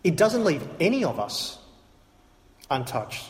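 Emphatic preacher in an echoey hall. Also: male voice, a little high, big pitch swings, measured pace. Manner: emphatic, repetitive, rhetorical questions. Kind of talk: sermon. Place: church hall.

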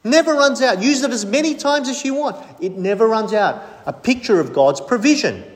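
A man's voice: extremely high pitch, expressive, normal speed, big-room sound. A man preaching a sermon as pastor, emphatic, stressing points in lists.

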